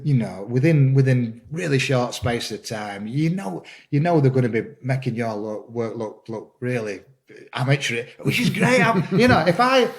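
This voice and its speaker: A man talking as a podcast guest in casual conversation, enthusiastic and halting, often repeating words as he starts a thought. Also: mid-range voice. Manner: enthusiastic, laughs while talking. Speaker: podcast guest, green woodworker.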